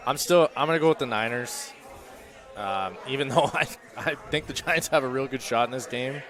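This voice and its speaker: A man's voice: medium pitch, normal speed, crowd noise. A man co-hosting a casual sports talk show from a bar and grill, chatty and easygoing as he gives his picks. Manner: easygoing, chatty, laughs along.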